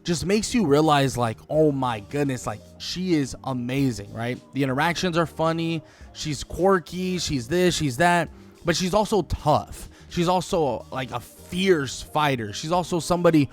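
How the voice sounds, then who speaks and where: A man giving casual video commentary on a game, rambling and enthusiastic, full of "like" and quick self-corrections. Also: fairly high pitch, lively intonation, soft background music. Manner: rambling and enthusiastic, heavy use of "like", corrects himself. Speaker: gaming video creator.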